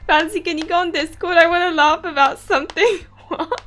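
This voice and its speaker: A woman's voice: very high-pitched, brisk, a bit bright. A young woman live streaming a game, giggly and hyper, chatting casually with her viewers.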